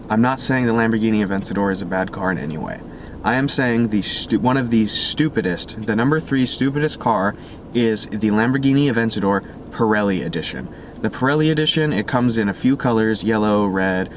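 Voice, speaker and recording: A man's voice: lowish voice, slight background noise. A young man hosting a car vlog, counting down his picks in a casual, blunt and opinionated way. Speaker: car channel host.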